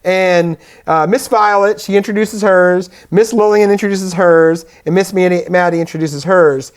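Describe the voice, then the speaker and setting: Casual co-host, male, recaps movie scenes with quick impressions thrown in. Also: sits high, steady tone, clean tone. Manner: retells scenes, putting on quick character voices. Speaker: podcast co-host. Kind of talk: casual movie commentary chat.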